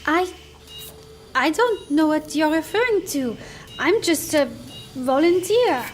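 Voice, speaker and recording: An actress playing a kind, shy young woman who speaks softly and hesitantly in a game cinematic. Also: high voice, expressive, slow. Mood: earnest. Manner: soft, hesitant, earnest. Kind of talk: video game cinematic acting.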